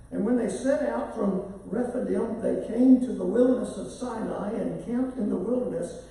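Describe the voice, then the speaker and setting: A man's voice: high voice, gravelly, dark tone, heavy reverb, recorded from a distance, rough recording. A man teaching a Bible lesson in a conversational way, summarizing chapters and reading verses aloud. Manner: conversational, reads scripture aloud.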